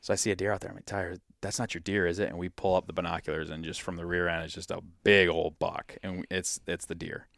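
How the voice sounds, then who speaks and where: A man from Michigan telling a hunting story in a casual, animated way, acting out what people said. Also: deep voice, fast talker, gravelly, few pauses, no room sound, studio quality. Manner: animated, acts out quotes in his story. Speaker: podcast guest, hunter.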